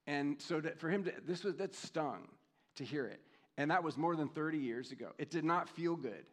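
A man in his fifties preaching a sermon in a conversational, reflective way, reading scripture slowly and telling personal stories. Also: a little high. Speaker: pastor.

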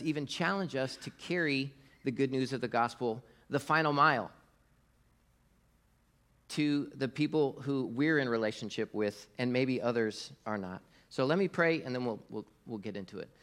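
A middle-aged man preaching in a loose, conversational way, with plenty of filler words and asides to the congregation. His voice sits in a middle pitch, and his delivery swings between quiet and emphatic. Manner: conversational, with fillers and audience prompts. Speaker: pastor. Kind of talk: sermon.

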